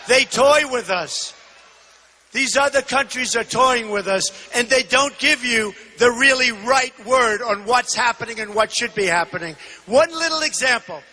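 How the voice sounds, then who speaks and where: A man's voice: very high voice, unhurried. Male, 60s, political candidate, punchy repetitive rally delivery, long arena reverb. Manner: emphatic, repetitive, often shouting. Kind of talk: campaign rally speech. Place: large indoor arena.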